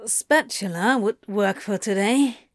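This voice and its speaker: A woman voicing a lazy, bratty male demon in a storybook reading, with a relaxed drawl. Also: medium pitch, slow pace, no room sound. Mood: lazy, teasing.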